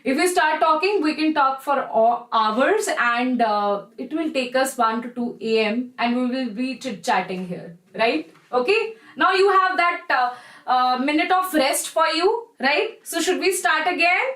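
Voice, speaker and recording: A woman's voice: high voice, expressive, a little slow, a bit bright, roomy sound, rough recording. A young woman with an Indian English accent, teaching a live online chemistry class in a chatty, encouraging way. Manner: chatty and encouraging, addresses students as "bacha".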